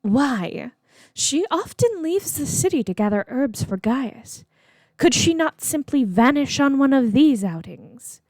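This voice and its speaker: A woman's voice: high-pitched, sing-song, measured pace, darkish tone, no echo, voice pushed up. A woman voicing an ambitious young noblewoman who speaks in an impatient, pressing tone.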